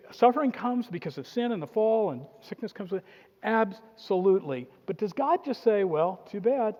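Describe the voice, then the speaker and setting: A man preaching a sermon as pastor, animated and jokey, acting out quotes in funny voices. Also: high voice. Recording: dull sound, long hall reverb.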